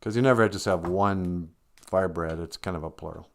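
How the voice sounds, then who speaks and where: A man's voice: sits low, normal speed, gravelly. A man hosting a comedic podcast, talking in a casual, playful way. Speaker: podcast host.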